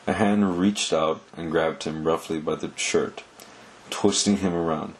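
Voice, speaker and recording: A man reads a novel aloud at a calm, steady pace. His voice is low and deep, well suited to a bedtime storybook. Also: unhurried, a little hiss or hum, poor audio. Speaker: audiobook narrator.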